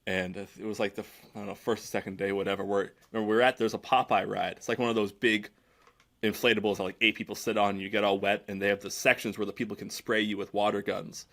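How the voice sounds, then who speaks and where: A man's voice: on the low side, little pitch movement, fast. A man co-hosting a casual podcast, telling rambling stories. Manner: rambling storyteller, acts out voices loudly. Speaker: podcast co-host. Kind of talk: casual chat.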